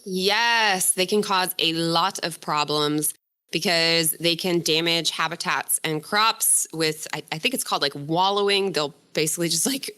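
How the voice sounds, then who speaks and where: A woman's voice: lowish voice, a little slow, sharp tone, smooth. A woman casually explaining a news story in conversation, chatty, often correcting herself and laughing.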